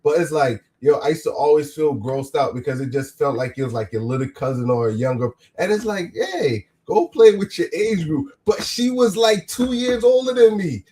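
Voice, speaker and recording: A man's voice: a little high, steady tone, a little fast, few pauses, warm tone. A man hosting a podcast in casual chat, loose and slangy with many false starts. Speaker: podcast host.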